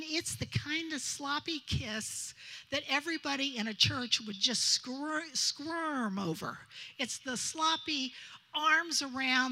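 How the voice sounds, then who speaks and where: A woman from New telling a lively wedding story from her time as officiant, acting out the voices of the people involved. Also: sits high. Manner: lively, animated, quotes others in dialogue. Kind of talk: anecdotal storytelling.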